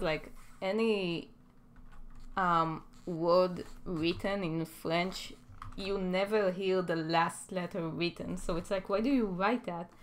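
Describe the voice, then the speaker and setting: A young adult woman with an Israeli accent, chatting casually and rambling a bit while she works on an animation stream. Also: on the low side. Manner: rambling, self-deprecating, chatty. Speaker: animation livestreamer. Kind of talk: casual chat while working.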